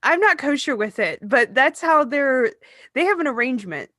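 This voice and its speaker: A woman's voice: high-pitched, animated, moderate pace, pushed and bright, dry recording, studio quality. A woman co-hosting a podcast, telling a rambling family story in casual chat. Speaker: podcast co-host.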